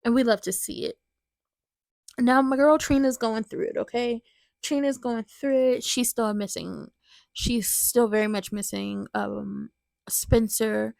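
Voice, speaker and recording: Gravelly-voiced woman recapping soaps. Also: fairly high pitch, unhurried, no room sound. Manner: chatty and animated, talks straight to viewers. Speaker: soap opera recap host. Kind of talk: casual soap opera recap commentary.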